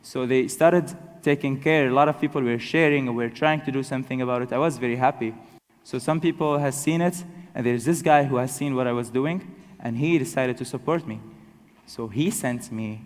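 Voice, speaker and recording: Young man, storytelling talk, halting self-corrections, wry humor; long reverb of a large hall. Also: medium pitch. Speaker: speaker telling his story to an audience.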